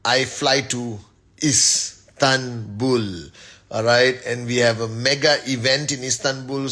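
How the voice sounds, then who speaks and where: A man's voice: medium pitch, bright, forceful tone. A man hosting a casual phone live stream, upbeat as he rattles off names and greetings to his followers. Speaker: network marketing leader hosting a live stream. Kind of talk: casual Instagram live shout-outs.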